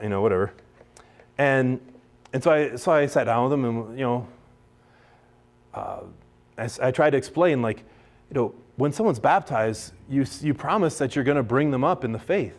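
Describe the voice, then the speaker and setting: A man's voice: medium pitch, moderate pace, long pauses. An American man, a priest, teaching a class in a casual, chatty way, with many restarts and acted-out quotes of other people.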